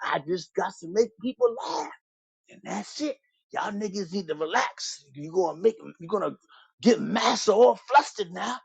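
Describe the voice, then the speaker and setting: A man's voice: high-pitched, expressive, normal speed, gravelly, husky, no room sound, exaggerated voice. A man putting on a servile, eager-to-please entertainer voice in an exaggerated drawl. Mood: hushed pleading. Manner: exaggerated drawl, loud then hushed.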